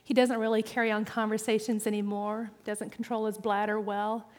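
A woman pastor preaching a sermon, personal and animated, with self-deprecating humor. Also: mid-range voice, normal speed. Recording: reverberant hall.

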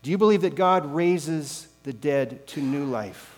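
A male pastor preaching a sermon with slow, emphatic rhetorical questions. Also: a little high, faint music behind. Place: church sanctuary. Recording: long reverb with mains hum.

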